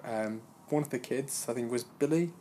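A man casually recapping a TV episode, measured and hedging with lots of "kind of" and "basically". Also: mid-range voice, warm tone, slight background noise.

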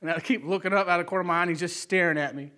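A man in his thirties, a father, telling a family anecdote in a casual, animated way and often asking "right?". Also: high-pitched, racing.

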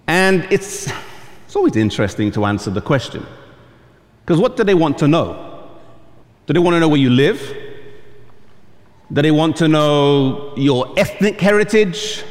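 English pastor preaching in a hall. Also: male voice, fairly high pitch, big pitch swings, normal speed, pauses often. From England. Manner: storytelling, acting out quoted voices. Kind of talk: sermon. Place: camp meeting hall. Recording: long reverb in a large hall.

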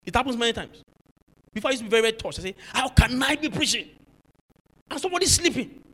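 A pastor preaching a sermon, moving from low, musing talk to shouted rebuke. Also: male voice, expressive, quick pace, slightly rough, big-room sound.

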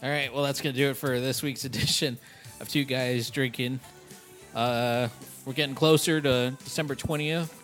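A laid-back man hosts a casual podcast and laughs easily between his lines. His voice sits at a medium pitch. Faint music runs under the talk. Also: steady tone, moderate pace, a bit bright. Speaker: podcast host. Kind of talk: casual chat.

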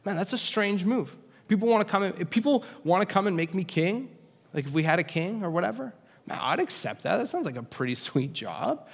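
A man's voice: high-pitched, sing-song, a little fast, creaky. A young man preaching a casual, conversational sermon with humorous asides. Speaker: pastor. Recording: long hall reverb.

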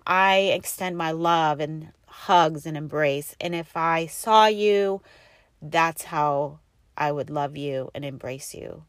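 A woman's voice: deep voice, takes it slowly, no echo, clean studio sound. A middle-aged woman hosting her own podcast from inside a car, telling rambling, upbeat stories full of fillers. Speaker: podcast host. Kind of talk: casual chatty podcast monologue.

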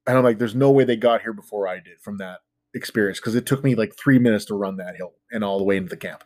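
A man's voice: on the low side, fast talker, darkish tone, dry recording. Male storyteller, casual and self-deprecating, loose filler-heavy delivery, dry close-miked sound. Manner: rambling, filler-heavy with frequent "like". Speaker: storyteller guest.

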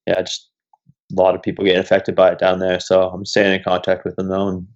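A young man, a podcast guest, telling animated travel stories in casual chat and swearing freely. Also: sits low, quick pace. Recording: dull lo-fi recording.

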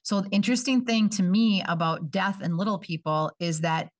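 A woman working in early childhood education, chatting casually on a podcast and acting out parents and kids in quick quoted voices. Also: mid-range voice, far from the mic. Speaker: early childhood coordinator, guest.

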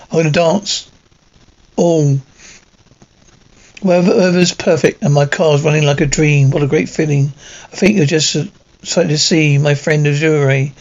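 A man with a fairly high, darkish voice reads a horror story aloud at a normal pace, doing every character himself. Between the voices he also reads out the stage directions. The recording sounds lo-fi.

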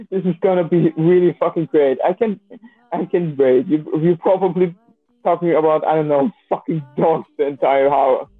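A young man with a high, husky voice laughs his way through a casual chat, repeating himself as he goes. The sound is dry and thin, like a phone line. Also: normal speed, dry recording. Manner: laughs constantly, repeats himself, swears often.

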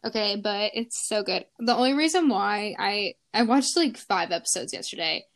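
A woman's voice: medium pitch, lively intonation, moderate pace. A young woman co-hosting a podcast, chatting casually in a bubbly, giggly way full of fillers. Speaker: podcast co-host. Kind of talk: casual chat.

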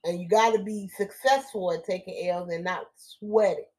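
A woman's voice: lowish voice, steady tone, moderate pace, mellow. A woman co-hosting a casual podcast with her husband, teasing him and giving relationship advice. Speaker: co-host. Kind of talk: casual couple's podcast chat.

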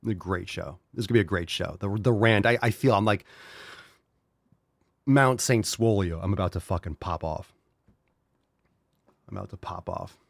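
A man's voice: on the low side, normal speed, creaky, pauses often, no room sound. A man hosting a podcast, ranting and swearing in a worked-up, comic way. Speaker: podcast host. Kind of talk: ranting comedic podcast talk.

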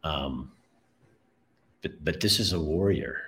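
A man's voice: a bass voice, takes it slowly, fairly bright tone. A middle-aged man, host of his own show, telling a personal story in an earnest, emotional way and often repeating words.

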